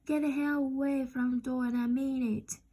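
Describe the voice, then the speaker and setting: A woman's voice: high voice, level tone, moderate pace. Woman doing a stormy, heartbroken young woman. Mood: defiant. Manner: yelling, defiant.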